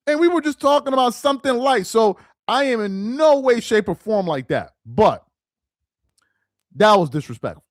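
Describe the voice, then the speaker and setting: Male live-stream commentator, high voice, dry close sound, slangy and repetitive delivery. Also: sing-song, moderate pace, no room sound. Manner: loose, slangy, repeats himself for emphasis.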